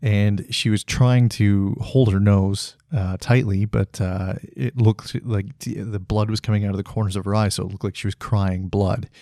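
A man's voice: fairly low pitch, fairly even intonation, normal speed, hardly any pauses, mellow, no room sound, clean studio sound. A man in his thirties hosting a solo podcast monologue, talking bluntly and with frustration, swearing freely and breaking off into restarts. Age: 30s. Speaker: podcast host.

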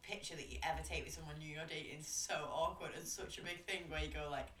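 A cheeky woman with a bright, sharp tone chats on a podcast, laughing and swearing freely. The room is echoey, and a faint hiss sits under her voice. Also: sits low, steady tone, fast talker. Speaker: podcast co-host. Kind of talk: casual chat.

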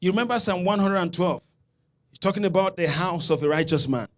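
A man with a Nigerian accent preaching a sermon, calling out to the congregation and building to shouted declarations. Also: high-pitched, brisk. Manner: preaching with call-and-response, rising to shouts. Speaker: pastor.

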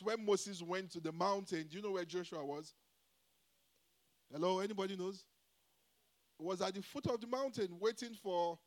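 A man with a high voice preaches a sermon. He is emphatic and often calls out to the congregation to answer back. His loudness and pace swing from line to line. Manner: call-and-response, repeatedly asking the congregation "Hello?".

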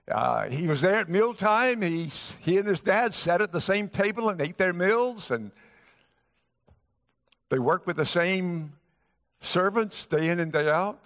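A man preaching in a lively, high-pitched voice that swoops up and down as he tells the story. His voice rings through a large sanctuary, trailing a long echo. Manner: storytelling preacher acting out the characters' lines. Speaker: guest pastor. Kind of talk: sermon. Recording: long hall reverb.

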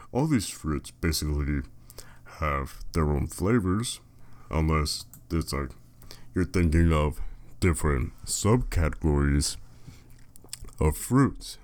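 A man's voice: rumbling low, a little mellow. A man rambling on in a casual monologue, reading a short entry aloud and adding dry, wandering asides full of fillers. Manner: meandering, dry joking, many fillers and restarts. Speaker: solo talker reading a fruit entry aloud.

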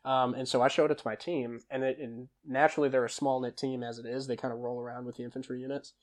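A young man, a podcast guest, telling stories in a relaxed, chatty way, often trailing off and restarting his sentences. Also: mid-range voice, fast talker. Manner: lively storyteller who laughs and acts out quoted lines; casual, with frequent fillers and self-corrections. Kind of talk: conversational storytelling.

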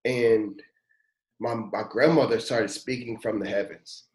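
A man's voice: lowish voice, steady tone, measured pace, a little mellow. Earnest pastor telling his story, roomy echo. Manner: earnest, heartfelt, casual slang and fillers. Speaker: pastor, podcast guest. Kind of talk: personal storytelling testimony.

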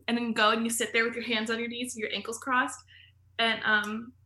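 A woman's voice: fairly high pitch, flat delivery, brisk, sharp tone. A woman guest on a podcast, telling stories in casual chat, full of "like" fillers and laughing as she goes. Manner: chatty, filler-heavy storytelling with frequent laughs.

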